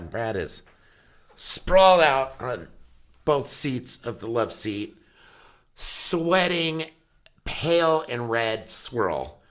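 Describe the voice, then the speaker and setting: A father chatting casually, telling an animated family story, acting out quotes and swearing freely. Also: medium pitch. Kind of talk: casual chat.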